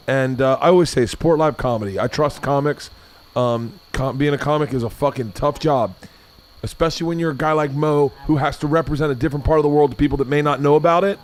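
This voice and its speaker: A man's voice: a little high, fast talker. A man in his forties hosting a podcast, chatting casually, laughing and swearing as he tells stories. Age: 40s. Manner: loud, swearing, laughing storyteller. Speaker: podcast host. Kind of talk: casual chat.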